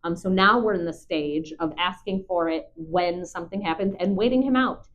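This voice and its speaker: A woman dog trainer calmly talking through a training session, chatty and patient with frequent ums. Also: on the low side, normal speed. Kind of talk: live dog training commentary. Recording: dull lo-fi recording.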